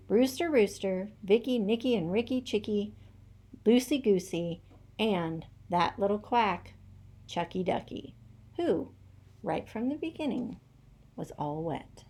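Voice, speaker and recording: A woman teacher reading a children's picture book aloud with lively, rhythmic storytelling. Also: medium pitch, slow.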